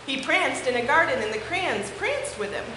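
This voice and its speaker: With a high, animated voice at an even, moderate pace, a young woman leads the children's message in a church sanctuary, reading a picture book and encouraging the kids. The space echoes and background noise comes through.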